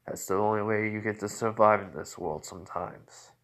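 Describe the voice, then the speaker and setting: A man voicing a teenage boy who has become a vampire, speaking calmly and flatly with quiet menace in a fan story. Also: on the low side, normal speed, natural voice. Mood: cold. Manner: calm, flat, menacing. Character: teenage boy turned calm, cold vampire.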